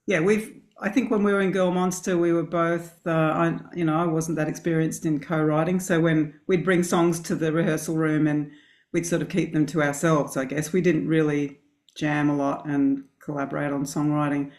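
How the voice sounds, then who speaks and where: A woman's voice: low-pitched, little pitch movement, normal speed, a little mellow. A middle-aged woman from a band, answering interview questions thoughtfully and hesitantly, with many ums. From Australia. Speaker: band member.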